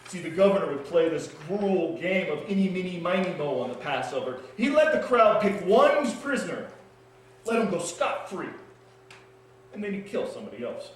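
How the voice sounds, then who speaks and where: A man's voice: high-pitched, very animated, slight background noise. A man playing Barabbas, haunted ex-prisoner. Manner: intense, halting, heavy pauses between phrases. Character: freed male prisoner, shaken and awestruck. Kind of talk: dramatic stage monologue. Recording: echoey hall, mic at a distance.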